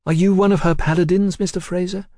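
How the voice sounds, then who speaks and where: Storybook figure: male narrator doing a jittery, forward lady abroad, raised pitch, pleading tone. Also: steady tone, fast talker, mellow, no room sound, clean studio sound. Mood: coaxing. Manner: coaxing, pleading, high-strung. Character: flighty forward Englishwoman living in France.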